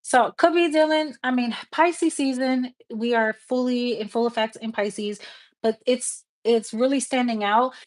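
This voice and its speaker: A woman's voice: on the high side, a little slow. A woman giving a live tarot reading, talking to viewers in a casual, frank and encouraging way and swearing freely. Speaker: tarot reader.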